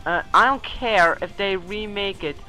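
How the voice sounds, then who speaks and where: A man's voice: high voice, a little slow, bright, forceful tone, faint music behind, poor audio. A young man giving a casual countdown commentary in a chatty, rambling way, often correcting himself. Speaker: video commentator.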